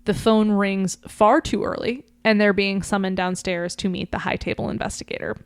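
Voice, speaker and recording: Woman, podcast co-host, casual book recap, smooth clear voice, dry close sound. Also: medium pitch, fairly even intonation, normal speed, dry recording. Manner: chatty, lots of likes and ums, acts out quoted lines. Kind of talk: casual chat recapping a story.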